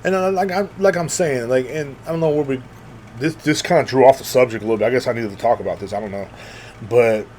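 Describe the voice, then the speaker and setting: A man's voice: medium pitch, quick pace, darkish tone, a little hiss or hum. A man in his thirties talking candidly in a rambling casual monologue as a podcast host, with many restarts, growing emphatic when he insists.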